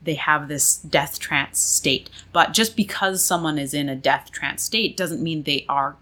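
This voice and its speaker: A woman with a low voice and a forceful, bright edge talks through a story for her podcast. Her delivery is chatty and conversational as she explains things to her co-host. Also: measured pace. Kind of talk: casual explanatory podcast chat.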